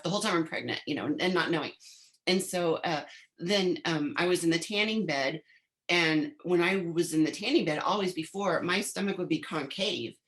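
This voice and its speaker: Her voice is on the low side and a bit bright. She's a former bodybuilder in her fifties, a guest on an interview podcast, chatting through a long story and frequently quoting her own words from back then.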